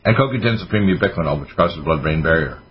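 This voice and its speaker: Fast-talking deep-voiced man on radio. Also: expressive. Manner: rambling, sarcastic asides. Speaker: radio host doctor. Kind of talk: casual radio talk. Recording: dull lo-fi radio audio with faint noise.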